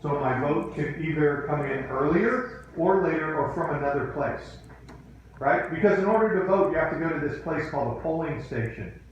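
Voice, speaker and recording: A man's voice: a little high, normal speed, highs cut off. A male teacher leading a classroom lesson, quizzing students by name in a firm, dryly teasing way. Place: echoey classroom. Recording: echoey room, faint background noise.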